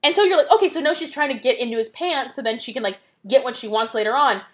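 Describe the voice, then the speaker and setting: A woman hosting a podcast, retelling a movie plot in casual, quick chat and acting out the characters' lines. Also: sits high. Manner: animated, quick retelling with acted-out quotes. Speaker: podcast host.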